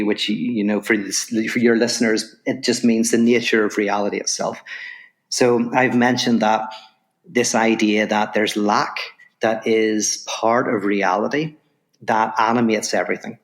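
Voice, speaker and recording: A man with a fairly low voice tells a parable on a podcast. He acts out the voices of the people in it, then explains abstract ideas in long, building phrases with frequent restarts. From Northern Ireland. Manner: lively storyteller, acts out voices in anecdotes. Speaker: podcast guest, philosopher.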